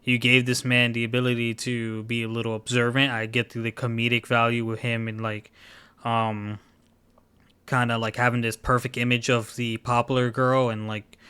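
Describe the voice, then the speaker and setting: Smooth-voiced man rambling about anime. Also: mid-range voice, pushed and bright. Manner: rambling, hedging critique with many fillers. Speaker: podcast co-host. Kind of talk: casual anime discussion.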